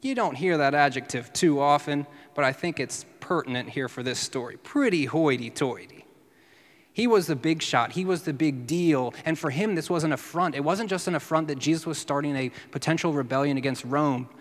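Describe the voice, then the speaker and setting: A man preaching a sermon, teaching in a lively way and dropping to a hushed voice for quotes. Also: a little high, moderate pace, big-room sound. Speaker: pastor.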